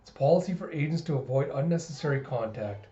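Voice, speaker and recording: A guarded male spy from a cartoon speaks calm and curt, as a man reads him. The voice is mellow and a bit high for a man. The room echoes and the sound is slightly dull. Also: quick pace, lightly acted. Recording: roomy, slightly dull home recording.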